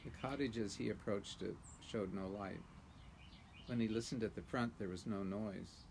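A man reading a children's novel aloud at home by a fire, relaxed, with chatty asides. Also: on the low side, unhurried, vocal fry, slight background noise. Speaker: reader.

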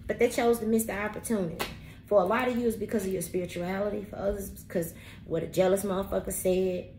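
A woman's voice: medium pitch, steady tone, fast talker, darkish tone. A woman giving a tarot reading, talking to viewers in a blunt, slangy, profane and emphatic way. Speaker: tarot reader. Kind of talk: spirited tarot reading monologue. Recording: roomy echo with faint background noise.

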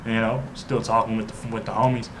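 A man's voice: on the low side, level tone, a little fast, a bit bright. Rambling man telling a storytime, noisy backdrop. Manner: rambling, repeats "you know what I'm saying", stumbles and restarts. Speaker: vlogger. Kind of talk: casual storytime.

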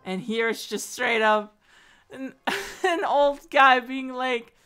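Giggly, slow-talking woman gamer. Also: sits high, bright, forceful tone, clean tone, faint music behind. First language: not English. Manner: giggly, joking. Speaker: game streamer. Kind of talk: casual game commentary.

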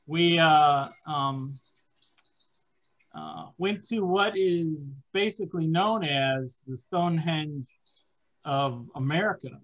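A man's voice: fairly high pitch, takes it slowly, a bit bright, dull audio. Rambling podcast host, a man. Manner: rambling, many fillers and hesitations. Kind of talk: casual chat.

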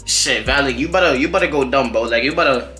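In an echoey room with faint music in the background, a man hosts a music reaction video. His medium-pitched voice is fast, pushed and bright, and he chats with viewers in a loose, slangy, casual way.

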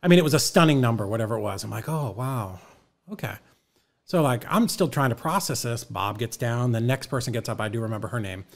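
Animated male storyteller, mid pitch. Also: creaky. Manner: animated storyteller, quick asides and acted quotes. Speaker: guest, real estate investor. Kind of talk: casual podcast storytelling.

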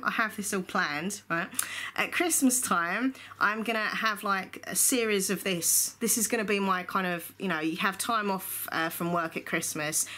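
Bright-voiced woman, gushing, chatty book vlogger at home. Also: fairly low pitch. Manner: chatty, rambling, gushing with excitement. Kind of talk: casual book haul chat. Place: indoor room at home.

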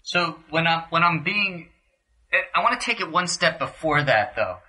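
A man's voice: on the high side, big pitch swings, moderate pace, sharp tone, husky, low-quality recording. A man hosting a podcast interview, asking questions conversationally and restarting them as he thinks. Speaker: podcast host.

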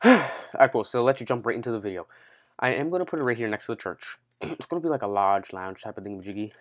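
A man's voice: lowish voice, expressive, racing. A man hosting a casual game-building tutorial, chatty and unscripted, talking straight to his viewers and counting steps aloud. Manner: chatty, keeps addressing viewers as guys, counts blocks aloud; loose and unscripted, changes plans mid-sentence. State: out of breath after a workout. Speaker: Minecraft tutorial host. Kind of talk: casual gaming tutorial narration.

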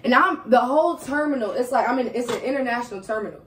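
A woman chatting through a lively storytime in a home kitchen. Her voice sits a little high, and she keeps the telling animated and informal. A faint hiss runs under the recording. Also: quick pace. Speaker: vlogger. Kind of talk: casual storytime chat.

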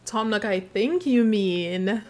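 A woman's voice: mid-range voice, lively intonation, slow, a little mellow. A woman hosting a gaming channel who chats casually and sleepily over her gameplay, rambling off topic and poking fun at herself. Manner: chatty, rambling, self-mocking, sometimes yawning.

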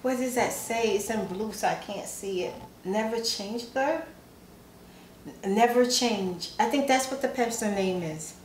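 A woman's voice: a little high, measured pace, echoey room, slight background noise, low-quality recording. Giggly, chatty woman vlogger. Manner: chatty, giggly, self-teasing. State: sleepy. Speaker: ASMR vlogger. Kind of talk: casual chat reading fan messages.

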